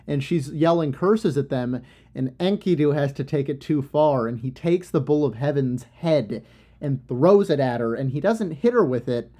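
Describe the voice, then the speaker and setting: A man's voice: on the high side, moderate pace, dark tone. A young man casually retelling an old myth in loose, rambling slang with plenty of fillers. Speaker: storyteller.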